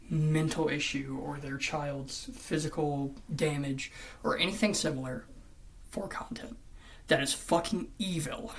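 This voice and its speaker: A vlogger with a medium-pitched voice and vocal fry rants in a commentary style, swearing often. They swing between loud outbursts and hushed near-whispers.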